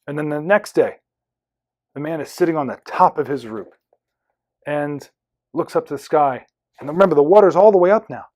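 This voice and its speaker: A man's voice: a little high, animated, normal speed, long pauses, darkish tone. A man hosting a solo podcast, telling a story and earnest lesson. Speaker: podcast host.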